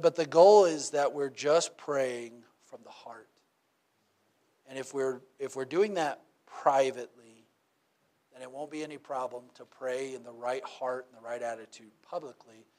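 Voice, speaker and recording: A man's voice: mid-range voice, darkish tone. A man preaching a sermon in a conversational way, often asking "right?" and acting out little quotes.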